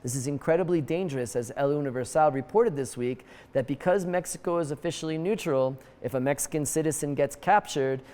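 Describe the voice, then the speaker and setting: A man's voice: fairly high pitch, darkish tone, long reverb tail. A man hosting a comedic news show, reading the stories with wry, jokey asides. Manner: wry, jokey asides with quick put-on voices.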